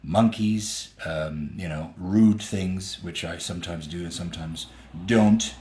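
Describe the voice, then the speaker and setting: A man's voice: low voice, takes it slowly, darkish tone. A man hosting a live fan Q&A and autograph signing, chatting casually and playfully as he reads out fan comments. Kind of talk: casual live-stream chat. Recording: roomy echo.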